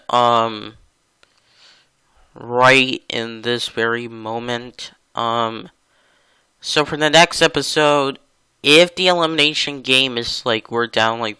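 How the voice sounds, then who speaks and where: A man hosting his own gaming channel, commenting casually over a hockey video game in a rambling, chatty way with sudden excited outbursts. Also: mid-range voice, clean tone, no room sound.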